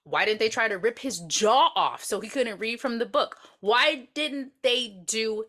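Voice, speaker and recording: A woman with a high, bright voice co-hosts a casual podcast. She cuts in with blunt, sarcastic remarks and rhetorical questions about the story. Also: animated, unhurried. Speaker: podcast co-host. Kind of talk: casual recap chat.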